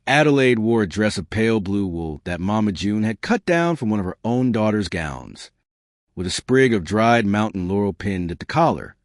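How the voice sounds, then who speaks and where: Low-voiced male story narrator. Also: animated, no echo, clean studio sound. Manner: measured, unhurried storytelling.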